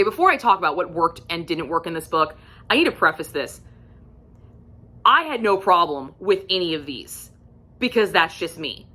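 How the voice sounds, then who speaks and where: A woman casually reviewing books for her vlog, candid and chatty, swearing freely and filling pauses with ums. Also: mid-range voice, sharp tone. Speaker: book reviewer.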